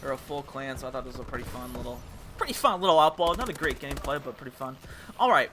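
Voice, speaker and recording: Rambling young man with a bright voice. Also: mid-range voice, lively intonation, fast talker, slight background noise. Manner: rambling, restarts and trails off. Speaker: gaming channel host. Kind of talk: casual storytime over gameplay.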